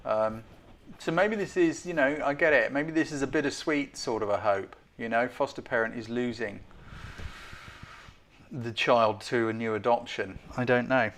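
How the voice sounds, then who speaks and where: A man's voice: mid-range voice, normal speed, fairly bright tone. A man hosting a live-stream photo critique, chatty and self-deprecating, often turning to ask viewers what they think. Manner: chatty, keeps asking viewers' opinions. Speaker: host giving photo feedback.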